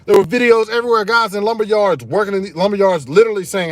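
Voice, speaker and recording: A fired-up man ranting live to his viewers with a high voice. He hammers his points home, repeats key phrases and talks to the audience as y'all. The sound is dry and close. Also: quick pace, fairly bright tone, dry recording. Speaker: channel host streaming live. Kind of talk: casual live-stream rant to viewers.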